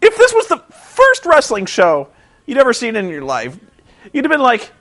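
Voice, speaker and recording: A man's voice: very high-pitched, wildly swooping pitch, moderate pace, fairly bright tone. A man rambling in a sarcastic, exasperated vlog commentary on a wrestling show. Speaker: vlogger reviewing a wrestling show.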